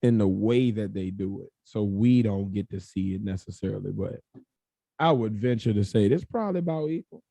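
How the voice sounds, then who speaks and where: Young male co-host, casual and profane, warm low-key timbre. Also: moderate pace, gravelly, no room sound. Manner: blunt, profane, animated storytelling. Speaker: podcast co-host. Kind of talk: casual chat.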